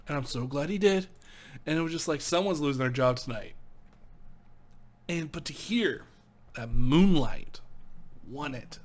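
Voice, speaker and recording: A young man giving casual movie commentary in a vlog, excitable and swearing freely, laughing often. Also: on the high side. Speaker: movie vlogger.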